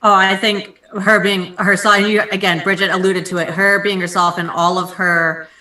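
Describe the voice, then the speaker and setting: Flat, bright-voiced guest speaker. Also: medium pitch, normal speed, reverberant, far from the mic. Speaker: show guest, former athlete. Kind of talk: casual discussion.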